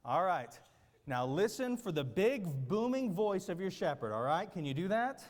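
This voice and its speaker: Animated man coaching children in a hall. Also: high voice, moderate pace. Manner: upbeat, coaxing instructions with many check-in questions. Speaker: children's church teacher. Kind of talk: leading a children's group activity. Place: large room with a platform. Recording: long reverb of a big hall.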